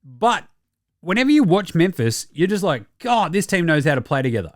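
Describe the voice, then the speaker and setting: A young man riffs through a basketball ranking, swearing often and dropping into little mock quotes. His voice sits a touch high for a man. The sound is dry and close. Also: fairly quick, dry recording. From Australia. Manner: profane, animated, mock-quoting players and himself. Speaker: basketball podcast host. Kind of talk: casual sports commentary.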